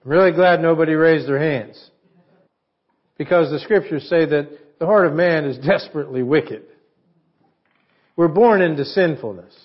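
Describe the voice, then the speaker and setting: A man's voice: fairly high pitch, normal speed, long pauses, lo-fi sound. A man preaching a sermon in a conversational way, asking his congregation questions. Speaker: pastor.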